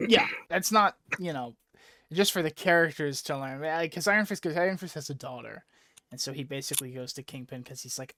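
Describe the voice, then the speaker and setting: A man's voice: on the high side, fairly quick, no echo, clean studio sound. A young man casually recapping a comic book story, retelling it with lots of energy and acting out lines. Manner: animated retelling, acts out quotes casually. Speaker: podcast host.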